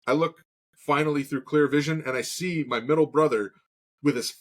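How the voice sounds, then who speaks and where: A man's voice: fairly high pitch, moderate pace. A man in his thirties co-hosting a casual talk show, telling a story with lots of swearing and acted-out quotes. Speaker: podcast co-host.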